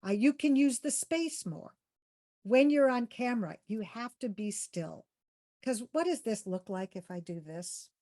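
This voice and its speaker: A woman with a somewhat high voice leads an interview-skills workshop. She is upbeat and encouraging, asks her group questions and demonstrates different ways of speaking as she teaches. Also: lively intonation, a little slow, dark tone.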